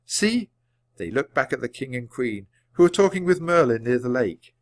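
A man reading a children's book aloud at a clear, measured pace. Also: medium pitch, lively intonation, no echo. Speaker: storybook reader.

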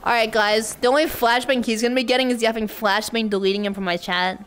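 A woman streamer with a high, squeaky voice, chatting casually and excitably with her chat, often shrieking and laughing. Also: fast talker, clean tone.

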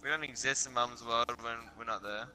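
A man's voice: mid-range voice, steady tone, brisk, pushed and bright. A young man, chatting crudely and casually while gaming, swearing freely. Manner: crude, laid-back, swearing and laughing.

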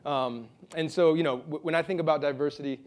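Guy giving an awards speech, kinda high voice, lots of likes and um-ums, storytelling. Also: steady tone, a little fast. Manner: storytelling, frequent fillers and repeated words. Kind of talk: informal acceptance speech. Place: event hall.

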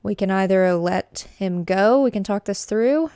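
A woman's voice: mid-range voice, measured pace, dark tone, smooth, dry recording, studio quality. A woman hosting a gaming video, chatting casually to viewers about her choices as she plays. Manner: chatty, addresses viewers as y'all. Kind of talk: casual gameplay commentary.

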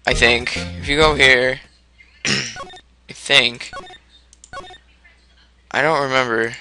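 A man's voice: medium pitch, steady tone, drawn-out words, long pauses, sharp tone, soft background music. A man giving casual commentary while playing a video game, mumbling and unsure of what comes next. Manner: mumbling, half-remembering, self-deprecating. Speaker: let's play commentator.

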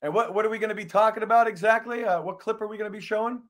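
A man hosts his show with theatrical energy, his voice sitting high and sounding sharp and bright. He hypes up what's coming and banters with an off-mic producer. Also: steady tone, rapid-fire. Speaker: podcast host.

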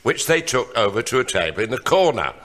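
Lively man telling a comic story. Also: medium pitch, brisk, very noisy. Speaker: comedy panellist. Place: radio studio before a live audience. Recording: loud audience laughter behind.

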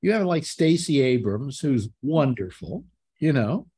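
A man hosting a casual group chat, teasing his guests and telling stories with lively energy. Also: medium pitch, unhurried, husky. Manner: teasing, animated storyteller. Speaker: host.

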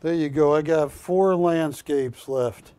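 A man's voice: a little high, takes it slowly, dark tone. An older man hosting a live shopping channel show, chatty and joking while pushing deals, recorded on a lapel mic in a TV studio. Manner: chatty, joking, pushy salesman. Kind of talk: live TV sales pitch.

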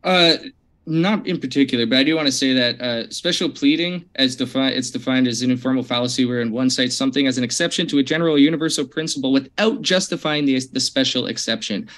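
A man in a debate answering calmly, explaining his position with a casual, slightly hesitant manner. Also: medium pitch, fast.

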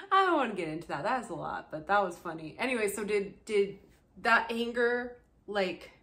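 A woman's voice: fairly high pitch, fairly bright tone. A young woman giving casual commentary, sarcastic and swearing freely, breaking into laughter often. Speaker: commentary channel host.

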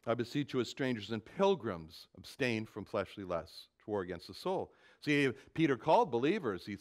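Animated man preaching a sermon. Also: medium pitch. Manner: animated, dramatic swells when quoting scripture; repeats words while thinking. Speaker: pastor. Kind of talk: expository Bible sermon.

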